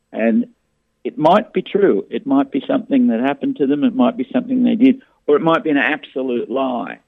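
A man with an animated storytelling manner, chatting as a guest in a radio interview. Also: mid-range voice, vocal fry, dry recording. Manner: animated storyteller, frequent restarts. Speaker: comedian guest. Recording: tinny phone line.

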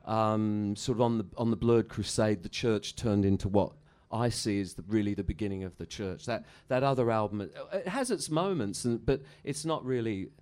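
A man's voice: fairly low pitch, normal speed, few pauses, a little mellow. A middle-aged musician telling rambling, profane stories in a casual interview, laughing at his own anecdotes. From Australia. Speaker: musician guest.

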